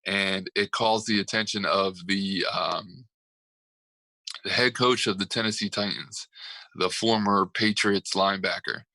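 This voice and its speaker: A man's voice: low voice, steady tone, measured pace, pushed and bright, no echo, poor audio. A man co-hosting a casual sports talk show, telling stories in a rambling way with lots of fillers and laughs. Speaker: sports podcast co-host.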